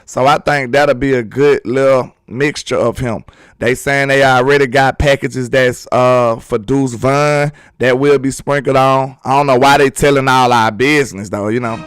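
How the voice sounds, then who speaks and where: A man hosting a sports livestream, chatting casually and excitedly while reading viewer comments. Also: medium pitch, normal speed, clear, resonant tone, no echo, clean studio sound. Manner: excitable, talkative, teasing with chat.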